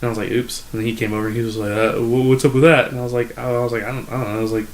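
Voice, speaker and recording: A young man co-hosting a comedy podcast, telling a rambling story full of "like" and acting out customers in a higher voice. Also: level tone, very fast. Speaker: podcast co-host. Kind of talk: casual storytelling chat.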